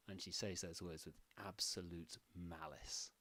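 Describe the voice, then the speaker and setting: A man's voice: low-pitched, level tone, measured pace, hardly any pauses, a bit bright. A man narrating as game master, rambling with many fillers.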